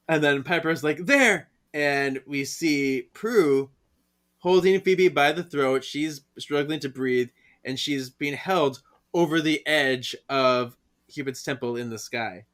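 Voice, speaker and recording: Male podcast co-host, bright and expressive, slightly higher pitch, playful retelling. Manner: animated, laughs often, acts out characters' lines. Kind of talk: casual recap chat.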